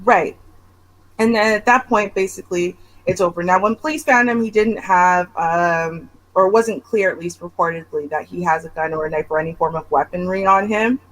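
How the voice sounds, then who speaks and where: A woman's voice: lowish voice, normal speed, poor audio. A woman hosting a casual reaction chat, talking emphatically and with disbelief. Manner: emphatic, incredulous commentary. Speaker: show host.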